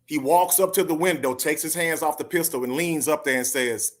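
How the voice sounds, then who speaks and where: A man's voice: on the high side, fairly quick. A man in his forties telling a personal story in casual chat, talking earnestly and directly to his listeners. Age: 40s. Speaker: podcast co-host.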